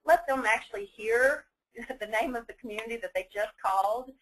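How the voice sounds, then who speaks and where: A woman leading a phone-skills training webinar, chatty and quick, laughing now and then. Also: a little high, a little hiss or hum, rough recording. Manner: fast-talking, chatty, laughs often.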